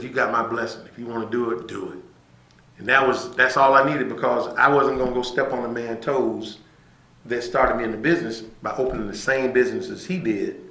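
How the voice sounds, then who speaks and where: Guesting on a podcast, a man casually tells an animated story, imitating the voices of its characters and frequently asking "right?". His voice is mid-range with vocal fry, and the recording is rough with a roomy sound.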